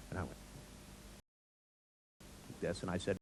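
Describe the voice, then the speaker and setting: Low-voiced man telling a wry story. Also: fairly quick, pauses often, slight background noise, low-quality recording. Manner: animated, acts out dialogue in quotes. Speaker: speaker. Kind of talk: storytelling talk to an audience.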